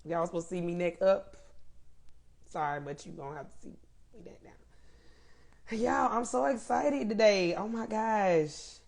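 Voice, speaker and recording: A woman's voice: mid-range voice, animated, a little slow, gravelly, pauses often, darkish tone. A woman hosting a casual live stream, greeting viewers by name and laughing often while she waits for her guest, speaking.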